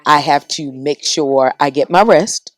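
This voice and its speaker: A middle-aged woman telling stories as a podcast guest in a dry studio. She talks in a lively, animated way and acts out the people she quotes. Her voice sounds like that of a radio personality. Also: low-pitched, measured pace, no echo. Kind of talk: casual podcast storytelling.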